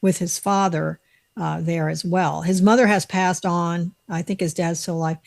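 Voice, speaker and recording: A woman's voice: fairly low pitch, steady tone, normal speed, gravelly, darkish tone. A woman, a guest, telling a long story on a video call in a chatty, rambling way with many fillers. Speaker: guest, state director.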